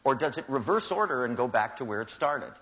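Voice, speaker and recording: A man's voice: medium pitch, lively intonation, fairly quick, a bit bright. An older man giving a seminar talk to a live audience, telling wry anecdotes and acting out the dialogue with shifting voices. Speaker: seminar speaker. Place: large hall with audience. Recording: dull lo-fi live talk recording.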